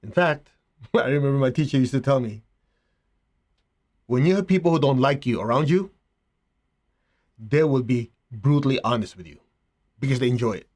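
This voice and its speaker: A middle-aged man, a spiritual teacher, giving a slow, reflective talk with rhetorical asides. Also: medium pitch, a little mellow.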